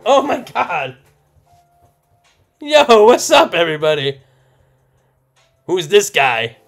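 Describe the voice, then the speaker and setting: A young man live-streaming a card opening, loud and swearing, laughing and shouting with excitement. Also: sits high, slow pace, faint music behind. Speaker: streamer opening trading cards.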